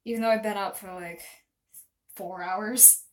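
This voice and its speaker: A woman's voice: medium pitch, steady tone, a little slow. A young woman chatting casually on a live stream, rambling and self-deprecating.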